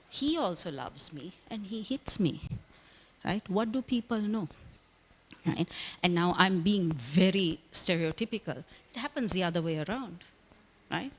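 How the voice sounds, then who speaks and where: Emphatic woman, reverberant hall. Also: mid-range voice. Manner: emphatic, keeps asking "right?". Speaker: guest, counselor. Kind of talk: conversational interview answer. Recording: long reverb.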